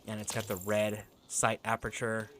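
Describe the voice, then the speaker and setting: A man's voice: fairly low pitch, completely flat delivery, moderate pace, background noise. A man streaming a video game, chatting casually, laughing often and swearing freely as he tells stories. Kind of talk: casual live-stream chat with storytelling.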